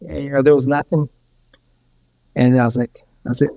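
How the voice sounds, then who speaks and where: Creaky rambling male guest. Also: medium pitch, fairly even intonation, normal speed, long pauses, mellow. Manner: rambling, repeats words, many restarts. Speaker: healer, podcast guest. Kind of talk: casual storytelling.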